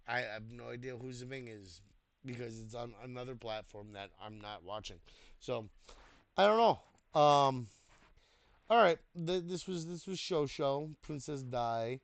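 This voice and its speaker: Tired man giving halting feedback. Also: mid-range voice, vocal fry, dry recording. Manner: halting, many fillers and restarts. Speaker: writing coach reviewing posts. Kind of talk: casual spoken feedback. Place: home desk, online voice chat.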